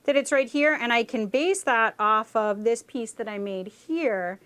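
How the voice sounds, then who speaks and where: A woman's voice: on the high side, measured pace, fairly bright tone, smooth. Playful chatty woman host. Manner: playful, tells stories with acted-out quotes and sound effects. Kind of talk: casual chat while building a LEGO set.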